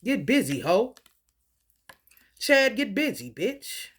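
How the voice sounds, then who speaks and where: A woman in a profane, confrontational spiritual monologue, swinging between low mutters and loud outbursts. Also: big pitch swings, slow, slightly rough. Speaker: vlogger.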